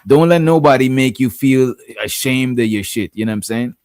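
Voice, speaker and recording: A man's voice: mid-range voice, moderate pace, darkish tone, dry recording. Guy rambling on his stream, dead dry sound, keeps saying you know what i'm saying. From Guyana. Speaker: streamer host. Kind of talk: casual live-stream chat.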